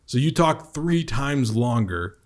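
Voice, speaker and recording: A man's voice: mid-range voice, animated, slow. A man hosting a podcast, reviewing a recorded sales appointment in a conversational way and recapping points for the audience. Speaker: podcast host, sales coach.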